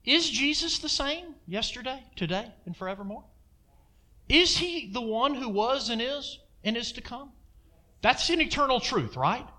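Animated high-voiced male preacher. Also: unhurried. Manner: emphatic, call-and-response asides to the congregation. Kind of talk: sermon.

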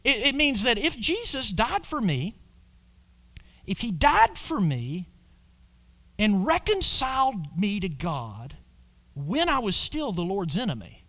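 A man preaching a sermon, swinging from loud exclamations to hushed whispers and calling on the congregation to repeat lines after him. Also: sits high, wildly swooping pitch, slow, long pauses. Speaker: pastor.

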